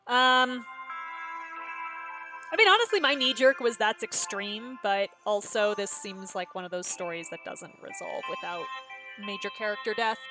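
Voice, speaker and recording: A woman's voice: medium pitch, animated, normal speed, over music. A woman streamer reading and playing an interactive story game aloud, with wry joking asides.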